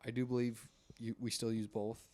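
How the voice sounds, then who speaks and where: A man's voice: mid-range voice, flat delivery, moderate pace, darkish tone. A man co-hosting a podcast, chatting casually in a rambling, hedging way. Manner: rambling, self-deprecating, hedges with "I think". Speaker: podcast co-host. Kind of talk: casual chat.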